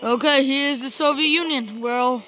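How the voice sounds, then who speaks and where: A young gamer casually commenting on a strategy game she plays, rambling to herself and giving shout-outs to viewers. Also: sits high, a little slow, faint music behind, low-quality recording. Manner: rambling, talks to herself while playing. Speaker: gaming channel host.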